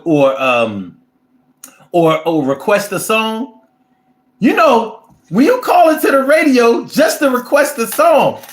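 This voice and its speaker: A man hosting a casual show, talking to a live chat with animated, profane ranting, in a roomy-sounding space. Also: sits high. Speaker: show host. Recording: roomy echo.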